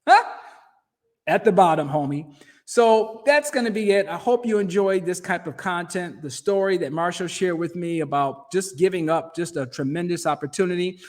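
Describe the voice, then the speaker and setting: Midwestern male host, chatty, punchy delivery, slightly higher voice, finance commentary. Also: normal speed, hardly any pauses, a little mellow. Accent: Midwestern American. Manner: conversational and emphatic, with restarts and slang. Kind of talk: casual commentary over a shared screen.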